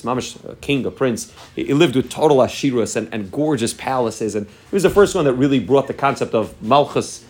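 A man delivers a Purim Torah class at a brisk, rushing pace. He is earnest, circling back and restarting phrases as he builds each point. His voice sits at an ordinary male pitch. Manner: earnest, rapid-fire teaching with frequent repeats and restarts. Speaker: rabbi giving a Torah class.

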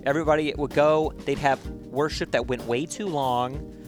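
A man's voice: fairly high pitch, steady tone, normal speed, music in the background. A man speaking as a podcast guest, telling personal stories casually with self-deprecating humor and a frequent tag of "right?". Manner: repeats and restarts words while telling stories.

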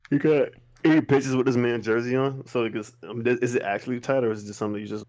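A man's voice: medium pitch, fairly even intonation, fast, a little mellow. A young man co-hosting a podcast in casual chat, blunt and dry, sounding tired. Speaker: podcast co-host.

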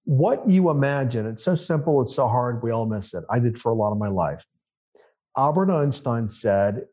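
A man's voice: mid-range voice, expressive, moderate pace, warm tone. A man speaking as a podcast guest and mindset coach, emphatic and repetitive, asking rhetorical questions. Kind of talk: conversational podcast interview. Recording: dull lo-fi sound.

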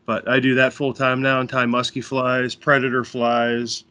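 A man's voice: mid-range voice, completely flat delivery, moderate pace, pushed and bright, no echo. An American man from Pennsylvania, a fishing guide and fly tyer, chatting easily as a podcast guest over a remote call. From Pennsylvania, USA. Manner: easygoing, rambling explanations. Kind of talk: casual interview chat.

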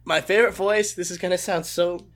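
Young male guest, high bright voice, animated and eager. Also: a little fast. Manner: animated, enthusiastic storytelling. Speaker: guest voice impressionist. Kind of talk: casual interview answers.

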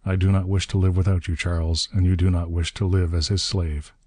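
A devoted, resolute young woman, voiced by a man with a very deep voice speaks in a clear, even, quiet manner. The recording is dry and close. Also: a little fast, no echo.

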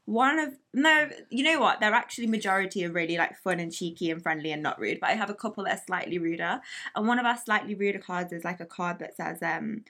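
A woman's voice: on the low side, fast talker, sharp tone. A woman talking as a guest in a casual podcast chat, telling rambling stories with chaotic energy and frequent laughter. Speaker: guest, small business founder.

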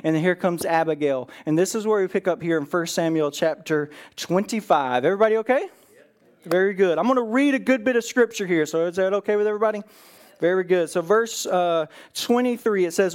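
A man's voice: a little high, fairly quick. A man preaching as a pastor in a church, retelling a Bible story and acting out the characters' lines with a rising voice. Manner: animated, acts out quotes with rising voice, fillers like "right?".

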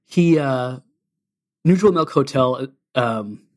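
Male podcast co-host, middle pitch, thoughtful and easygoing, pauses to think. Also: lively intonation. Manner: reflective, pauses with "um". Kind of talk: casual chat about an album.

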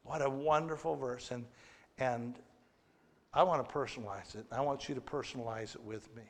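Speaking at normal speed in a mid-range voice, a pastor gives a sermon, teaching in plain terms while posing questions to the congregation and joking with them. The recording carries long hall reverb.

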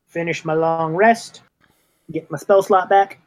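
A man's voice: a little high, steady tone, unhurried. A man playing in a tabletop game, laid-back and joking as he describes his actions. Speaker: player. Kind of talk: casual tabletop play.

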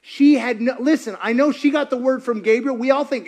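A man preaching a sermon, dramatic and expressive, dropping into whispers and rising to shouts as he acts out the scenes. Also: very high voice, a little fast, few pauses. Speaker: pastor.

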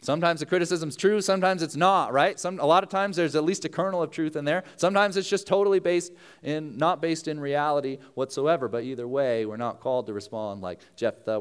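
A male pastor preaches in a relaxed, conversational manner, dropping into quick acted voices for the people he talks about. His voice is smooth and resonant, and it rings out with the long reverb of a large hall. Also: on the high side. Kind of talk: sermon.

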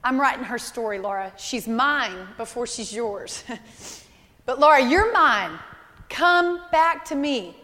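A woman voicing God as a gentle, fatherly presence, speaking softly and tenderly in a sermon. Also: on the high side, lively intonation, slow pace, in a large hall, heavily acted. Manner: soft, tender, reassuring.

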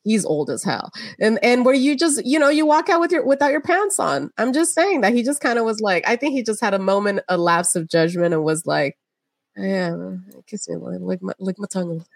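A woman's voice: a little high, sing-song, fairly quick, hardly any pauses, dry recording, clean studio sound. A woman co-hosting a podcast in casual chat, talking bluntly and animatedly and laughing between jokes. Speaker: podcast co-host.

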